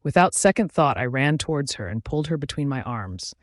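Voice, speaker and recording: A man reading an audiobook aloud in a steady, even way, with a mid-pitched voice. The sound is close and dry, with no room echo. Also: fairly quick. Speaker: narrator. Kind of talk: audiobook narration.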